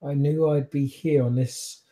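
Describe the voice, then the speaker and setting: A man's voice: on the high side, fairly even intonation, unhurried, dark tone, natural voice. A man voicing a dazed, hungry, newly turned female vampire prophet who drawls dreamily and drifts off mid-thought. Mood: dreamy. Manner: drawling, dreamy, easily distracted.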